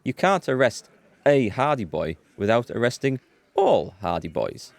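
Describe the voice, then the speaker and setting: A man's voice: medium pitch, sing-song, measured pace, gravelly, dry recording. A man reading the lines of a sly, challenging woman in a gang in a game. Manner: cutting, challenging. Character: cool, sly female gang member.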